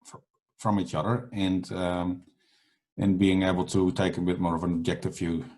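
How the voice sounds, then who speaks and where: A man's voice: sits low, level tone, moderate pace, mellow. A man hosting an interview, asking questions in a hesitant way with stumbling restarts. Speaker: interviewer host. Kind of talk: conversational interview.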